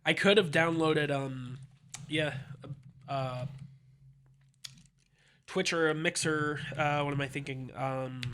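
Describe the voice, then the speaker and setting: A man's voice: on the high side, takes it slowly, long pauses, a bit bright. A man hosting a casual podcast chat, reading web listings aloud with chuckles and trailing asides. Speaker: podcast host browsing the dark web.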